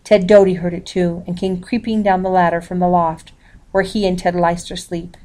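A woman reading a historical novel aloud, calling out the page numbers as she goes. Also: on the low side. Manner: even, measured reading with page numbers announced. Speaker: reader.

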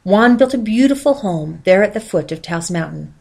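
Gravelly-voiced woman reading a storybook. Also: medium pitch, normal speed, poor audio. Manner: steady, quiet narration. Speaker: narrator.

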